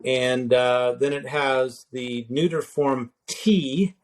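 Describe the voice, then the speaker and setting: A man of mid pitch walks a listener through Greek grammar in a casual, unhurried lesson. He explains patiently, pausing on fillers and restarting sentences, and spells out each word form slowly. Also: fairly even intonation.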